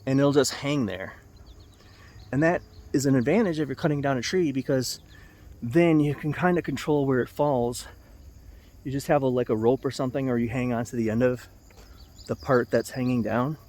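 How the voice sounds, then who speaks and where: Middle-aged guy vlogging, rambly story, keeps restarting and chuckling, normal pitch. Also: normal speed, a little mellow. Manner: rambling, self-correcting, chuckles through his story. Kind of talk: casual storytelling to camera.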